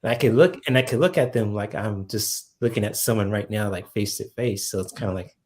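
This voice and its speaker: A man in a casual group conversation, excitably retelling what he saw and quoting himself in a raised voice. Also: on the low side, brisk. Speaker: participant.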